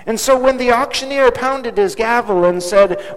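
Male preacher, high and animated, storytelling sermon, reverberant hall recording. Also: normal speed, few pauses, clean tone. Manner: dramatic, emphatic repetition.

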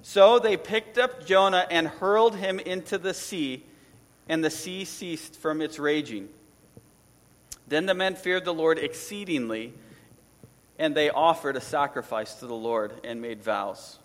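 A man preaching a sermon as pastor, animated and conversational, with asides to his listeners. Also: a little high, a little slow, long reverb tail.

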